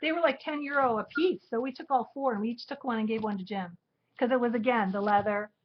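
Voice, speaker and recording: A woman with a high voice rambles cheerfully about her trip, laughing between thoughts and restarting sentences. The sound is dull and muffled, like an early live stream. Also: fast, slight background noise. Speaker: co-host of a live crafting show. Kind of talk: casual storytelling chat.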